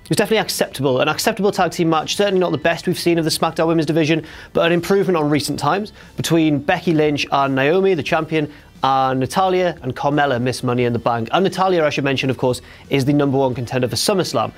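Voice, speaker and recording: A young man, chatting casually as host of a wrestling recap, jokey and quick to slip into silly impressions. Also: fairly high pitch.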